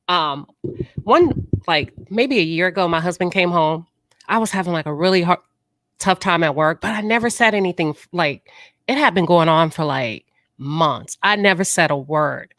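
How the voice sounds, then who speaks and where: Woman, married, earnest reflective storytelling, lower voice, dry close sound. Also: a bit bright, no room sound. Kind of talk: personal storytelling in a panel discussion.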